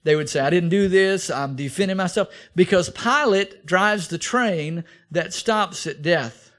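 A man's voice: high voice, a little slow, few pauses, fairly bright tone. A male pastor preaching a verse-by-verse sermon, animatedly acting out the biblical figures in the story. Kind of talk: expository sermon.

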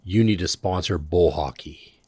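A county coroner, a man, joining a casual podcast chat with dry, mock-serious humor. His voice sits fairly low, and the recording is dry and close. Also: moderate pace, a little mellow, husky, dry recording.

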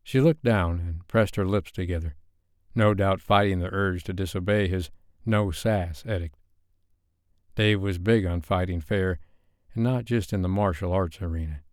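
Male audiobook narrator, deep, measured delivery, dry studio sound. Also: dry recording.

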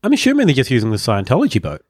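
A male podcast host spins long, rambling stories in easygoing banter, laughing at his own tangents. His voice sits at an ordinary pitch, and the sound is dry and close with no room around it. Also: wildly swooping pitch, rapid-fire, darkish tone, slightly rough, dry recording. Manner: rambling storyteller, chuckling often. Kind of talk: casual comedic chat.

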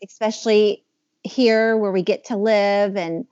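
A woman's voice: medium pitch, steady tone, unhurried, darkish tone, no echo. A woman hosting a podcast, asking questions in a thoughtful, meandering way with fillers. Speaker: podcast host. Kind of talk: interview questions, casual. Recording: dull, slightly muffled podcast audio.

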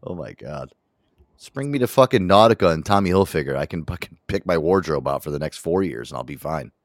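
A man's voice: very deep voice, fairly quick, no room sound, studio quality. A man with a New York accent hosting a casual podcast chat, swearing freely and laughing often. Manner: profane, animated, laughs often. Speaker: podcast host.

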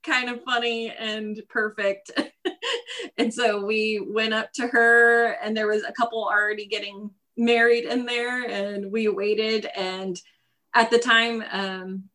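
A woman's voice: on the high side, little pitch movement, slow pace, sharp tone. A woman guest telling her own story in a casual interview, laughing often as she talks.

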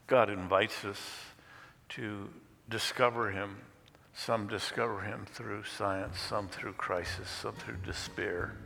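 A male pastor giving a sermon and reading a story aloud in a measured manner. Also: lowish voice, steady tone, gravelly, sharp tone, long reverb tail.

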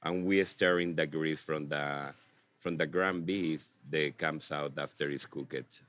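Very deep-voiced restaurant owner. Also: male voice, fairly even intonation, a bit bright. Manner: earnest, halting, many fillers. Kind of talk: casual chat.

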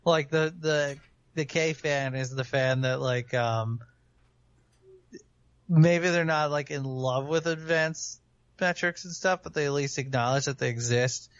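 A man in casual sports talk who rants with swearing and quick laughs. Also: fairly high pitch, clear, resonant tone, no room sound, highs cut off. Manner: animated, profane, ranting.

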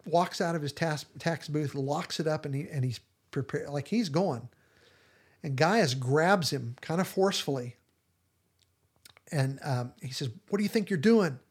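A man's voice: a little high, unhurried. A man hosting a podcast, retelling scenes in casual chat and acting out the quoted lines with animation. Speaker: podcast host.

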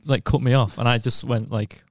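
A man's voice: mid-range voice, fairly even intonation, a little fast, no echo, clean studio sound. A man in casual podcast chat who talks about himself in a self-deprecating way, rambling anxiously and stumbling over restarts.

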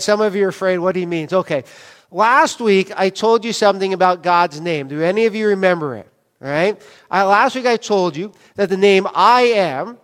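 A man's voice: high voice, clear, resonant tone. A male pastor preaching a sermon in a conversational way, often asking the congregation questions. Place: church hall. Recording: long reverb of a church hall.

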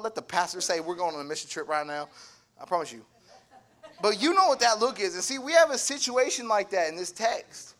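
A young man giving a sermon, humorous and animated, acting out little voices in his asides. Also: high voice, normal speed. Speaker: preacher.

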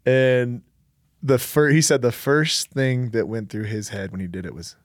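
Dry-sounding, laughing interview host. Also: male voice, medium pitch, steady tone, no echo. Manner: laughs often, quick reactive interjections. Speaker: podcast host. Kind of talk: casual interview.

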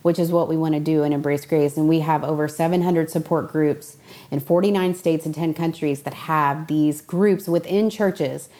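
Young woman guest chatting on a podcast, earnest, slightly low voice, acts out people in her story. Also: steady tone, normal speed, dark tone. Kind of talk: casual conversational interview.

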